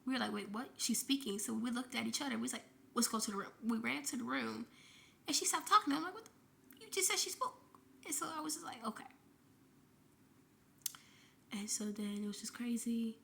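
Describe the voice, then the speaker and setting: A grieving woman vlogger recounts a hard story in a rushed, breathless way, swearing often. Her voice is fairly high, sharp and gravelly with fry. A faint hum of room noise sits behind her. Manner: breathless retelling with frequent swearing. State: shaken and grieving. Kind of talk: emotional personal storytelling.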